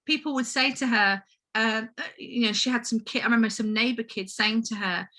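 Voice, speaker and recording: A woman speaks at a conference about home educating her child. Her voice sits a little high and has a crisp, bright edge. She addresses the audience directly, in an earnest and heartfelt way. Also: normal speed. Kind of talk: personal conference talk.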